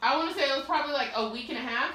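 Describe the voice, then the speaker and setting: A high, bright-voiced woman chiming in with quick, teasing remarks in an echoey room, a little faint noise behind her. Her comments are short and playful. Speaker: sister of the host. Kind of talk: casual chat.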